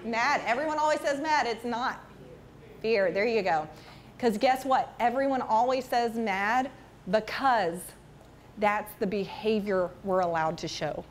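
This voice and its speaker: A woman talks to parents in a lively, conversational way, often putting questions to the room. Her voice sits a little high, with a faint hiss of noise in the background. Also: measured pace. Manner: chatty, animated, asks the audience questions. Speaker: school parent education presenter. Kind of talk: casual presentation to parents. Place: meeting room with an audience.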